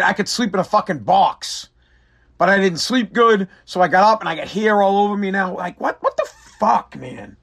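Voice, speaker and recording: A man's voice: high-pitched, fairly bright tone. A tired man hosting his own podcast, ranting in a profane, exasperated, rambling way. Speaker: podcast host. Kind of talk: casual solo podcast rant.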